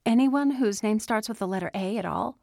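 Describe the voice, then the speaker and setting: A woman narrator voicing a hurried woman who presses questions insistently. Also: mid-range voice, vocal fry, mellow, dry recording, clean studio sound, voice pushed up.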